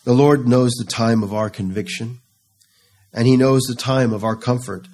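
A man preaching a sermon, reading scripture slowly and rising into fervent, pleading passages. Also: mid-range voice, a little mellow. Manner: slow, rising to fervent pleading in quoted psalms.

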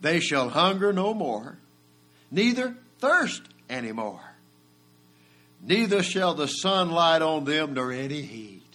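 A high-pitched man preaching, swelling to shouted climaxes and falling back to a low, hushed delivery. A faint electrical hum sits under the recording. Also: sing-song, takes it slowly. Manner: swelling to a shout at peaks, then dropping low. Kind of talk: sermon. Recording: mains hum in the background.

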